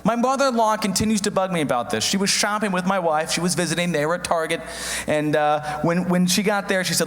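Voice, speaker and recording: Animated young man doing stand-up, high-pitched. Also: fast. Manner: animated, acts out voices of others. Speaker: stand-up comedian. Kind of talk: stand-up comedy routine. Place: comedy stage before an audience. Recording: live stage with long hall reverb.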